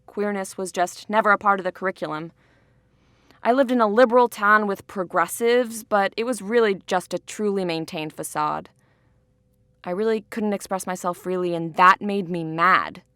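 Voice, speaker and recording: A woman's voice: medium pitch, moderate pace, sharp tone, natural voice. Young woman playing sardonic teen girl Jojo. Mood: reflective. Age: young adult. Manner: sardonic, bitter. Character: angry, sarcastic teenage girl Jojo. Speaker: high school student. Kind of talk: film narration and scene acting.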